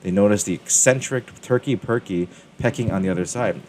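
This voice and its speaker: A man's voice: fairly low pitch, fairly quick, a little mellow, slight background noise. A man hosting a crypto mining video, casually chatting and reading a children's story aloud with ums and self-corrections.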